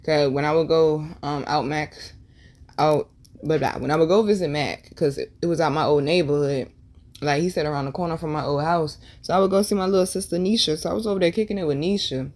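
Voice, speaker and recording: A woman's voice: low-pitched, a little fast, a little mellow. Candid woman telling a personal story. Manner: candid and emotional, with slang and swearing; repeats lines for emphasis. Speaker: tarot and numerology vlogger.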